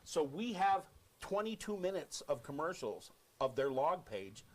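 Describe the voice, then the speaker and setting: A man with an American accent, a radio host telling an animated story on air and acting out quoted lines. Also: fairly high pitch, unhurried.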